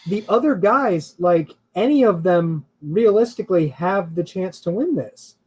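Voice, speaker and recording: A man's voice: high-pitched, animated, unhurried, husky, poor audio. A man co-hosting a casual chat show who laughs often and hedges his opinions as he rambles along. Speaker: podcast co-host.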